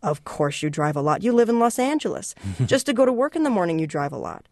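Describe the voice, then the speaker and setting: A reader voicing an anxious, irritable man who complains and talks too loudly. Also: medium pitch, sing-song, quick pace, no echo, studio quality. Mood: agitated. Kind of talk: reading a novel aloud.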